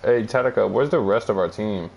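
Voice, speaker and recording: A man's voice: fairly low pitch, fairly quick, vocal fry, darkish tone, husky. A young man trash-talking and teasing friends during a casual gaming session. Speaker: gamer playing with friends.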